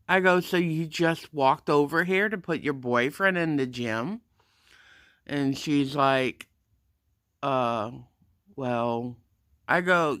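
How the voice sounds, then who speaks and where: A man rants casually about a clash at his gym front desk, voicing each person's lines with sudden pitch jumps. His voice is bright and smooth. He talks slowly and deliberately, in a dry, close sound. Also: dry recording. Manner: animated, acts out the dialogue with pitch jumps. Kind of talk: casual storytelling rant.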